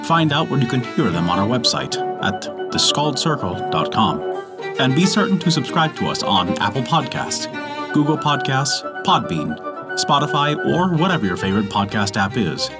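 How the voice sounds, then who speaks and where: A man narrating a folk tale in a measured, expressive storytelling manner, as host of a story podcast. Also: medium pitch, loud music behind the voice. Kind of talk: scripted narration.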